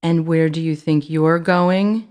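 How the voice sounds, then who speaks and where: A storybook reader voicing a big male rat villain who speaks calmly and slowly, taunting his prey. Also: mid-range voice, clear, resonant tone, lightly acted. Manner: calm, drawn-out, taunting.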